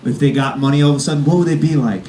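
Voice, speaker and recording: A male comedian warming up a live crowd with a rambling stand-up set, full of fillers and self-aware jokes. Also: mid-range voice, racing, distant mic. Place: comedy club stage before a live audience. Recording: roomy live club sound from off-mic.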